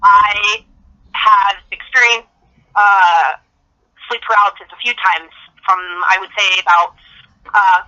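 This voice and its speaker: Middle-aged woman chatting over a muffled phone line, really bright tone, acts out the quotes. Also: medium pitch. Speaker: guest. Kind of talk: casual phone interview storytelling. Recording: dull phone-line audio.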